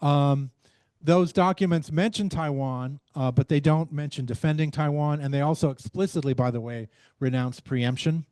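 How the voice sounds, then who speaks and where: A man giving an academic presentation in a measured way, often pausing with fillers and restarting his sentences. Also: on the high side, a little mellow, clear, resonant tone, no room sound. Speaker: researcher giving a talk.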